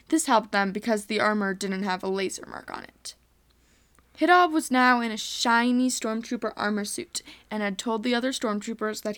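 A woman earnestly reading a homemade space adventure story aloud. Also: fairly high pitch.

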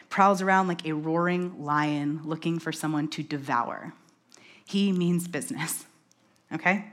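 Fast-talking New woman preaching. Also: medium pitch. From New York. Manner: fast-talking, animated, self-deprecating asides. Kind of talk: conversational sermon.

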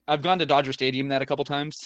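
A man's voice: medium pitch, flat delivery, rapid-fire, fairly bright tone, no room sound, muffled recording. A man telling a long story in casual chat, rambling with many fillers and restarts and the odd swear word.

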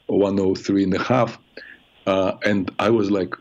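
A man hosting a call-in advice show, speaking earnestly and reflectively with frequent halting restarts. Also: deep voice, level tone. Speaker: radio show host and therapist. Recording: muffled radio broadcast sound.

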